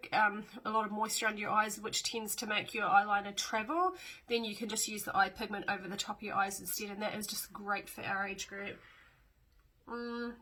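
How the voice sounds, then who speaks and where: A woman's voice: medium pitch, sharp tone, slight background noise, low-quality recording. A middle-aged woman, chatting casually through a step-by-step makeup demo with fillers and small asides. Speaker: makeup tutorial host.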